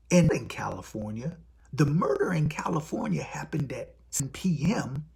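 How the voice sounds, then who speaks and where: A man's voice: fairly high pitch, creaky, slightly rough. A man hosting a live stream in casual talk, blunt and profane. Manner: blunt, profane, animated storytelling.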